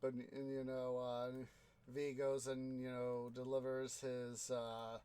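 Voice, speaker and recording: A man's voice: mid-range voice, monotone, dark tone, clean tone. A man with a Midwestern American accent casually commentating his Minecraft play alone, rambling with many fillers and counting items aloud. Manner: rambling, halting, many fillers and self-talk. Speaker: Minecraft let's player. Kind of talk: casual solo gameplay commentary.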